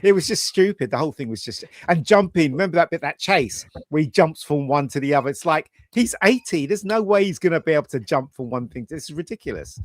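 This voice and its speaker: Man, co-host, casual rambling chat, animated opinions, dry close mic. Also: a little high, fast talker, few pauses, no room sound.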